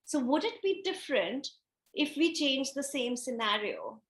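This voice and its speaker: Higher-voiced woman teaching with rhetorical questions. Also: big pitch swings, a little slow, a bit bright. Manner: asks rhetorical questions and answers them herself; acts out everyday scenarios. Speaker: spiritual teacher. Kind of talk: reflective teaching talk.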